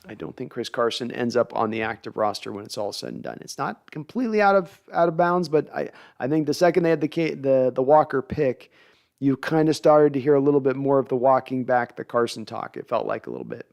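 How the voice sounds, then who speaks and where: A man's voice: mid-range voice, fairly quick, gravelly, darkish tone. A man hosting a sports podcast livestream, chatty and self-deprecating as he reads viewer comments. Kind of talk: casual livestream chat, reading comments.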